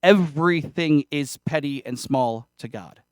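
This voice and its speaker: A man's voice: a little high, unhurried, clean tone, dry recording, clean studio sound. A male pastor preaching a sermon in a conversational, self-deprecating way, with casual asides. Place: church sanctuary.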